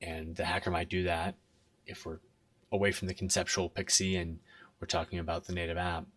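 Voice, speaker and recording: A man's voice: sits low, little pitch movement, fairly quick, a bit bright, no room sound, recorded from a distance. A man explaining a technical topic at a conference in a conversational way, often checking in with "right?". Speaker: conference speaker.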